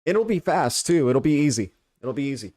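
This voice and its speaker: An American man hosts a casual crypto livestream, rambling with many fillers and repeatedly checking in with "right?" as he explains things. His voice is a little high and darkish, brisk, with big pitch swings.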